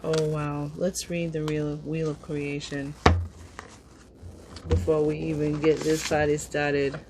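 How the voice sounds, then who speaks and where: A woman giving a casual, upbeat tarot reading, chatty and quick to laugh. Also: sits low, level tone, very noisy. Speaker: tarot reader.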